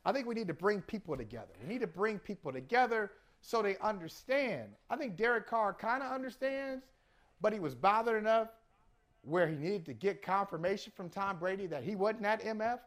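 A man's voice: high voice, expressive, a little fast, a bit bright. A man co-hosting a sports talk show, talking casually in a reflective, conversational and agreeable way. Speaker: sports podcast co-host. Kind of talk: casual chat.

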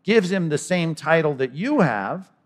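A man delivers a sermon in a conversational, storytelling way. His voice sits a bit high for a man and rises and falls with a lot of life, and he drops into quick character voices to make his points. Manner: animated, acts out characters in conversational asides. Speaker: pastor. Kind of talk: expository sermon.

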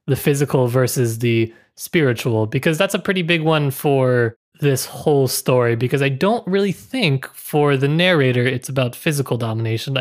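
A man co-hosting a book podcast, relaxed and wry, reading a quote aloud and giving his view. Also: medium pitch. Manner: relaxed, reads a quote aloud, self-deprecating. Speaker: podcast co-host. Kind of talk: casual book discussion.

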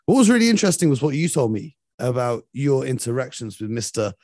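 A young man in his late twenties co-hosting a casual sports podcast, eager and animated. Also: medium pitch, quick pace, no room sound, studio quality. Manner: enthusiastic, animated, leads the conversation. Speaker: podcast co-host.

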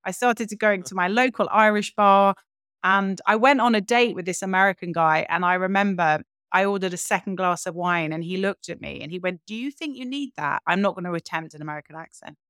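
A woman's voice: fairly low pitch, fairly even intonation, fairly quick, fairly bright tone, smooth, dry recording, clean studio sound. A woman, a podcast guest telling her own story in a frank, reflective way. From London, England. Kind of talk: candid personal storytelling.

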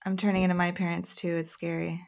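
A woman's voice: lowish voice, little pitch movement, fast, gravelly, darkish tone. A woman co-hosting a podcast in casual chat, easygoing and joking. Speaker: guest co-host.

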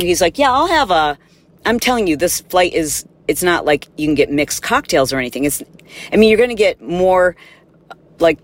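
A woman hosting a podcast, telling an animated, exasperated story in a casual monologue and acting out the people in it. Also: low-pitched, a little hiss or hum. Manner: animated, exasperated, acts out quotes. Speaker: podcast host.

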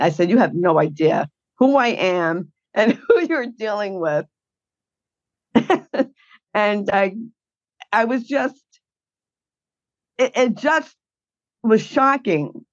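A woman's voice: mid-range voice, expressive, takes it slowly, pauses often, no room sound, highs cut off. A woman guest telling her caregiving story in a blunt, indignant way. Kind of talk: emotional personal account.

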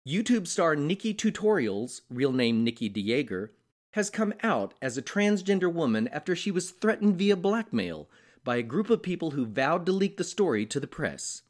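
A man reading weekly news headlines as the show's anchor, in a steady, measured scripted delivery. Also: on the high side.

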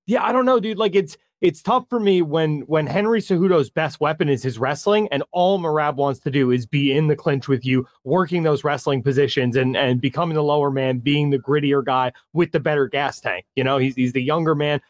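A man co-hosting a podcast in relaxed, casual chat, often hesitating. His voice is fairly high for a man. The sound is dry and close. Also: a little fast, few pauses, no echo. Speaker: podcast co-host.

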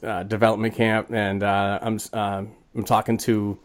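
A man's voice: on the low side, little pitch movement, normal speed. A man hosting a casual sports podcast, rambling with lots of fillers and restarts. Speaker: podcast host.

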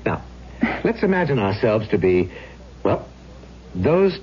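An actor playing the ghost of a spurned suitor, courtly and coaxing, who turns to desperate pleading, in a 1970s radio drama. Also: male voice, on the low side, very animated, takes it slowly, lo-fi sound, slight background noise. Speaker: ghost posing as a genteel older gentleman.

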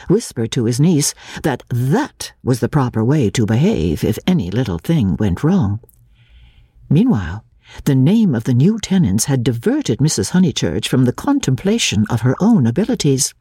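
Woman narrator, low, husky, lively intonation, dry studio sound. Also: no echo. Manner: measured, expressive narration. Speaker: radio host and reader. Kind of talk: dramatic reading of a classic novel.

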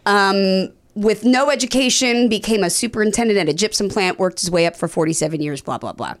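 A woman's voice: mid-range voice, a little fast. Candid, joking American woman guest. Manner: candid, swears, jokey asides. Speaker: podcast guest. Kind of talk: casual podcast chat.

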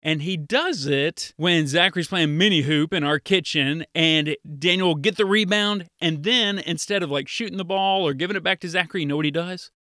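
Bright-voiced pastor man talking to kids. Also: fairly high pitch, moderate pace, hardly any pauses, dry recording, clean studio sound. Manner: lively, storytelling, acts out quoted kids. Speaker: children's pastor. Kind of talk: kids' devotional talk.

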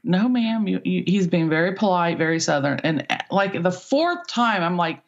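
A woman's voice: on the low side, expressive, moderate pace, vocal fry, muffled recording. A woman talent agent in a casual podcast interview, chatty and rambling as she tells stories about her work.

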